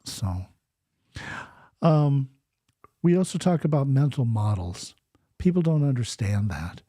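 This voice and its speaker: Middle-aged male host, husky and warm, halting delivery with fillers, dry close sound. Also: medium pitch, sing-song, no room sound. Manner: measured, hesitant, many uh fillers. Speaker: podcast host. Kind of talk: conversational interview.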